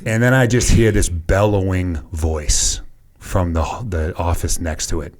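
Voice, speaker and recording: A man in his thirties with a Boston accent, a former soldier telling relaxed, self-deprecating stories as a podcast guest. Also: low voice, measured pace. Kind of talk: casual storytelling interview.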